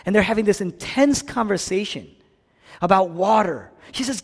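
A pastor with a fairly high, expressive voice preaches a sermon at normal speed in a church sanctuary. His delivery is dynamic, swinging between loud emphasis and hushed, low lines. The recording carries a long hall reverb.

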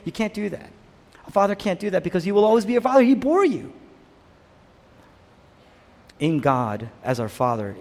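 A male pastor preaching a sermon, repeating phrases for emphasis and dropping to a hushed near-whisper at times. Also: high voice. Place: church hall. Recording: long reverb of a large hall.

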